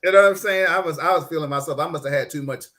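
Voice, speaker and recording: A man's voice: on the high side, rapid-fire. A middle-aged man telling a childhood story in casual chat, laughing often and acting out the voices of the people in it. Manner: animated, laughing, acts out voices in his story.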